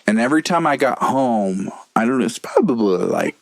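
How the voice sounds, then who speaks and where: A man's voice: mid-range voice, very animated, normal speed, gravelly, no room sound. A man guesting on a podcast, telling rambling, profane anecdotes in casual chat.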